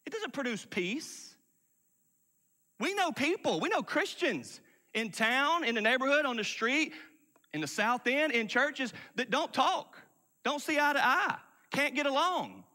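Bright-voiced male preacher in a hall. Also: very high-pitched, big pitch swings, measured pace. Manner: emphatic, swings from loud to hushed. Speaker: pastor. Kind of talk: sermon.

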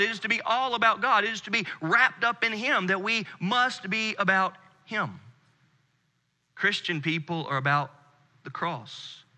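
Bright-voiced preacher man in a hall. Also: high-pitched. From United States. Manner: earnest preaching, drops quiet on key phrases. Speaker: pastor. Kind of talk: sermon. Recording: long hall reverb.

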